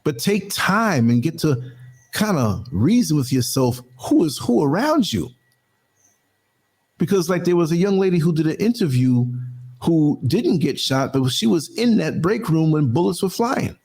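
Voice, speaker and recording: A man hosts his own podcast in an emphatic, conversational monologue. His voice sits a little high and has a husky edge. He drops and raises his pitch to stress his points. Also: sing-song, unhurried, darkish tone. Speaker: podcast host. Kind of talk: casual monologue commentary.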